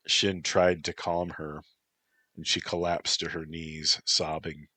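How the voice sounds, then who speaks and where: A man reading story narration in a measured, plain way, close to the mic. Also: deep voice, flat delivery, sharp tone, no room sound. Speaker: story reader.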